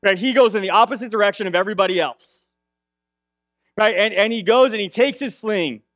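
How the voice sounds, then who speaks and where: A man's voice: high-pitched, brisk, a bit bright, no room sound, clean studio sound. A young man preaching a conversational sermon, retelling a story and checking in with "right?" again and again. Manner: conversational, repeats "right?" often. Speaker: pastor.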